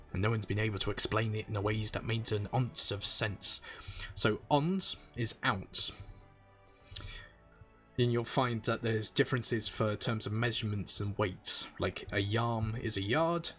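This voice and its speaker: A man voicing a gruff middle-aged tavern keeper with an exaggerated rough seafaring brogue, boisterous and long-winded. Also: on the low side, a little slow, fairly bright tone, faint music behind. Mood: grim.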